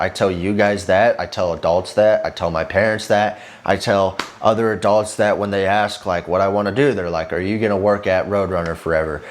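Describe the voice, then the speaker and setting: Driven young man, slightly low voice. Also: slight background noise. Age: young adult. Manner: intense, driven, swears often; rambling with many fillers. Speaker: fitness vlogger. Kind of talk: casual motivational talk to camera.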